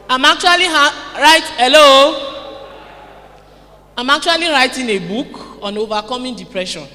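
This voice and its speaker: A Nigerian woman giving a lively motivational conference talk, calling out to her audience. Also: mid-range voice. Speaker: seminar speaker. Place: conference hall. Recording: echoey hall.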